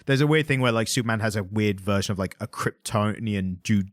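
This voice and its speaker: A man's voice: on the low side, brisk, no echo, studio quality. A man co-hosting a comics podcast in casual chat, rambling with restarts and laughing often. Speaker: podcast co-host.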